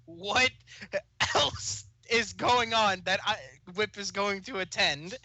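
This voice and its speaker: A man's voice: high-pitched, slow, sharp tone, rough recording. A man playing in a tabletop game, chatting casually, joking and chuckling often. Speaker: player.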